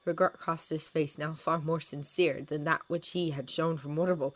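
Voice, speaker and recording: A woman reading a fanfiction story aloud, with measured, expressive narration. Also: low-pitched. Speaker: fanfiction reader.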